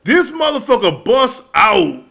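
A man telling stories in a casual comedic monologue, animated and profane, often breaking into laughs. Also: very high voice, measured pace, vocal fry. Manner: animated, profane, loud storytelling with frequent laughs.

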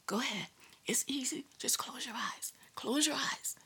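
A woman voicing the devil as a male tempter, in whispered role-play, coaxing with slow hypnotic repetition. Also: sits high, pushed and bright, breathy edge, exaggerated voice.

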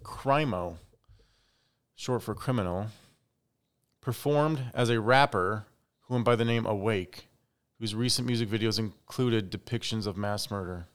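A man's voice: lowish voice, a little slow, long pauses, clear, resonant tone. A young man hosting his own podcast, talking casually and with strong opinions in a chatty solo monologue. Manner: chatty, opinionated, animated asides. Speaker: podcast host.

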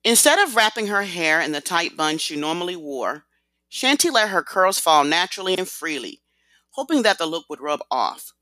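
Audiobook narrator, expressive, bright tone, animated pitch, dry close recording. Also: moderate pace, no room sound. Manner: expressive storytelling. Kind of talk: scripted narration.

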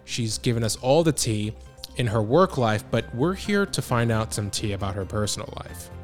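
A man's voice: medium pitch, expressive, moderate pace, over loud music. A man hosting a podcast, interviewing a guest in a playful, teasing casual chat. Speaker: podcast host.

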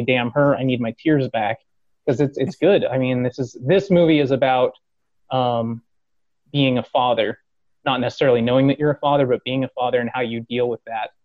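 A man's voice: a little fast, dry recording, dull audio. A man hosting a podcast, telling a fan story in casual chat, acting out quotes, laughing and swearing. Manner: animated, acts out quotes with rising pitch, swears, laughs. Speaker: podcast host.

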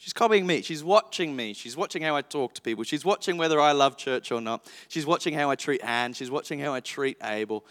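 A pastor in his thirties preaches with a high, bright, forceful voice. He tells stories in a lively, frank way and pokes fun at himself. His words ring out with the long reverb of a church hall. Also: fairly quick, few pauses. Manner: lively storytelling, frank and self-deprecating. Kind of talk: sermon. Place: church auditorium.

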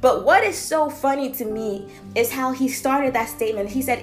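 Emphatic woman preaching over soft music. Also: fairly high pitch, moderate pace, few pauses. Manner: emphatic, repeats phrases for stress. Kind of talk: sermon.

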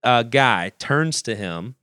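Guy on a podcast telling a story, smooth clear voice, dry close mic, keeps restarting his sentences. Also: medium pitch, takes it slowly, dry recording. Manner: animated storyteller, restarts phrases, acts out quotes. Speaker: podcast co-host. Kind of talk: casual storytelling chat.

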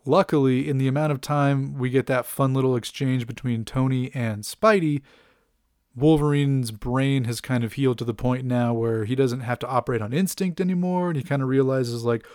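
A man's voice: mid-range voice, fairly even intonation, moderate pace, a little mellow, no echo, clean studio sound. A young man casually recapping a comic book, chatty with many fillers and asides.

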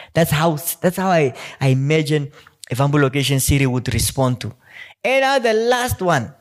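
A man doing a comedy monologue, animated, acting out scenarios, with hesitant restarts. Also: medium pitch. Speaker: stand-up comedian.

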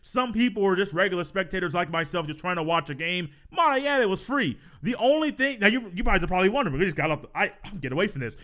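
A man's voice: high-pitched, expressive, fast, few pauses, bright, forceful tone. A man hosting a solo sports podcast who tells stories in a casual, chatty way, laughing and repeating himself. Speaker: podcast host.

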